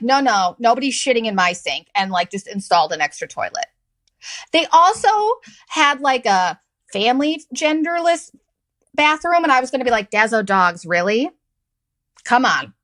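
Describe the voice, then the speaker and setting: High-voiced woman telling a profane story. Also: low-quality recording. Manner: sarcastic, profane, animated storytelling. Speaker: podcast host. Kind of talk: casual storytelling monologue.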